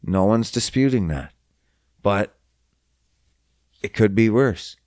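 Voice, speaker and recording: A man's voice: fairly low pitch, lively intonation, slow pace, darkish tone, dry recording, studio quality. A young man from Canada hosting a podcast, ranting in a profane, exasperated and mocking way. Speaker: podcast host. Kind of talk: casual solo rant.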